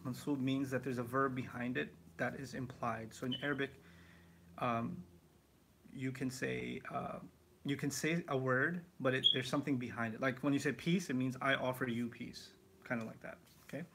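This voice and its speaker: A man teaching the Quran in a live question-and-answer session, explaining with lively asides and rhetorical questions. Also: medium pitch, moderate pace, creaky, slight background noise. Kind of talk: live Q&A lesson.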